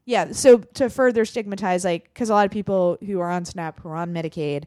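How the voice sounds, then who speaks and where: A woman's voice: fairly low pitch, brisk, warm tone, no echo, clean studio sound. A woman hosting a podcast, reading out news items and explaining them wryly to her co-hosts in casual chat. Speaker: podcast host.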